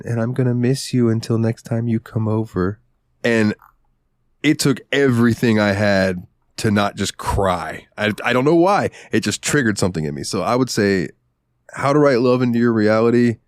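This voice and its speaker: Candid low-voiced man on a podcast. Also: dry recording, studio quality. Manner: candid, emotional, swears casually. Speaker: podcast host. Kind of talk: casual podcast chat.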